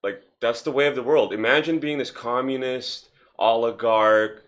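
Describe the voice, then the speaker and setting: A man's voice: mid-range voice, steady tone, normal speed, fairly bright tone. A man hosting a podcast in casual chat, rambling and profane with lots of fillers. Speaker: podcast host.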